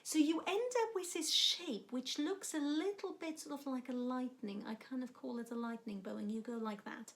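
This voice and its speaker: High-voiced woman teaching cello. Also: moderate pace, hardly any pauses. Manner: warm, encouraging explanations. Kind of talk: instructional music lesson.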